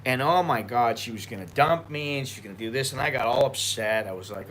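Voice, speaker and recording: A man's voice: mid-range voice, fast talker, fairly bright tone, a little hiss or hum. An American man chatting loosely on a live stream while drinking tequila, swearing and rambling with many restarts. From United States. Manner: profane, rambling, frequent restarts.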